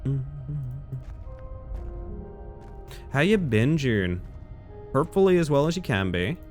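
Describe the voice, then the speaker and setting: A man's voice: mid-range voice, animated, takes it slowly, a little mellow, faint music behind. A man streaming live, chatting casually with viewers and reading their messages aloud, laughing often. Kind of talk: casual live-stream chat while gaming.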